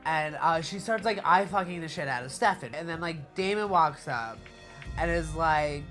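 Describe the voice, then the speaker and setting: Fast, slangy young woman recapping TV. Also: low-pitched, a bit bright, faint music behind. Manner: rapid, slangy, swears freely, filler "like". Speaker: TV recap vlogger. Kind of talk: casual TV episode recap.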